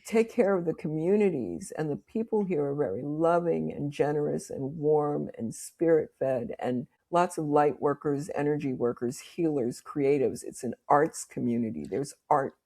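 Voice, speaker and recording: A woman's voice: sits low, normal speed, hardly any pauses. A woman in her sixties, a minister from Boston, telling stories as an interview guest and acting out the dialogue. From Boston, USA. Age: 60s. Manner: lively storyteller who acts out dialogue.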